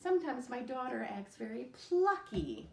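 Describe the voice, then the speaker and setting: A woman's voice: high voice, very animated, normal speed, creaky, distant mic. A woman teaching a recorded spelling lesson at home, patiently sounding out words letter by letter. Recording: echoey room, voice off-mic.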